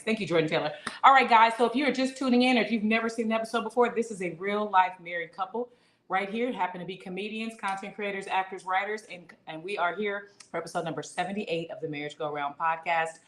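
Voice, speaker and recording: A woman's voice: mid-range voice, a bit bright. Bubbly woman hosting a live podcast. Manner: bubbly, reads viewer comments aloud. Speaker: podcast co-host. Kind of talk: live-streamed casual podcast chat. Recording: echoey room.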